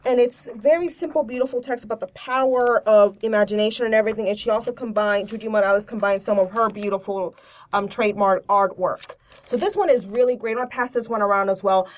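A woman's voice: mid-range voice, fairly even intonation, fast talker. A woman from Puerto Rico giving a chatty, casual show-and-tell talk about children's books, with many fillers. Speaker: children's book presenter.

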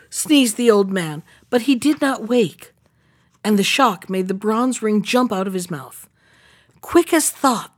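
A woman reading a fairy tale aloud, lifting her voice for the characters' lines. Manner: expressive, raises pitch for characters' lines. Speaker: storyteller.

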